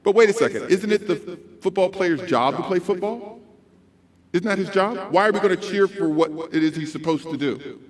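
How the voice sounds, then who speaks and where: A man giving a motivational talk to educators at a school conference, animated and swinging between loud and soft. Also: sits high, normal speed. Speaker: conference speaker.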